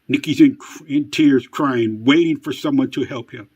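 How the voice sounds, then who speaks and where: A man telling a family story as mock-suspense narration, dramatic and hushed at times, with wry self-mocking asides. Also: medium pitch, slightly rough. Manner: dramatic, slow and hushed, building to excited outbursts.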